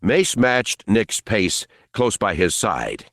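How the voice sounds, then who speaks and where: A man reading an unabridged novel aloud in a measured, even narration. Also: low voice, no room sound, clean studio sound. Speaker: audiobook narrator. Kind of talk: scripted audiobook narration.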